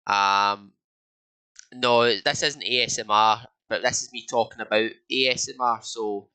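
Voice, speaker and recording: A man's voice: on the low side, fairly even intonation, measured pace, sharp tone, smooth, poor audio. A young Scottish man co-hosting a casual podcast, rambling with many fillers and restarts. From Scotland. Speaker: podcast co-host. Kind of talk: casual chat.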